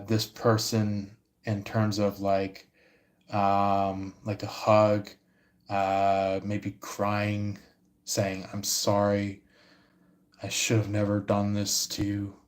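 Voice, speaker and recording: A man giving a casual livestream tarot reading, talking haltingly with many fillers and restarts. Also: fairly low pitch, a little mellow. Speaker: tarot reader.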